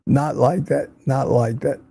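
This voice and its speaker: Older man, gravelly, teasing livestream host. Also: medium pitch, steady tone, a little slow, dark tone, no echo. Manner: reads viewer comments aloud, teasing and chatty. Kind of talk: casual livestream chat. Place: home in Florida.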